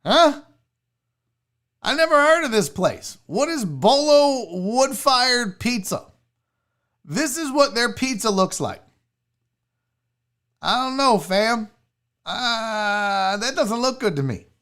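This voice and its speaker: A woman's voice: a little high, animated, slow, long pauses, fairly bright tone. A woman hosting a casual livestream chat, blunt, profane and mocking as she reacts. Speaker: sports show host.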